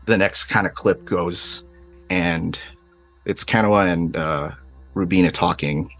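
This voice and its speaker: A man's voice: low voice, unhurried, a bit bright. A man running a tabletop game, describing scenes loosely with lots of fillers, over faint music. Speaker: game master.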